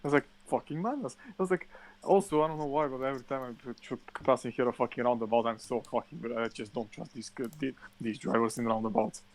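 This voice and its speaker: A man co-hosting a casual podcast, telling an animated, swear-filled rant. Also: mid-range voice, fast, a little hiss or hum. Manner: profane animated ranting storyteller. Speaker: podcast co-host.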